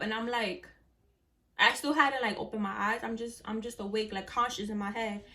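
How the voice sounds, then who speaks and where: Young woman, casual storyteller, slightly higher voice, chatty and frank. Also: normal speed, sharp tone, recorded from a distance. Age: young adult. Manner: chatty, lots of "like" and swearing, talks to viewers as friends. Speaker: vlogger.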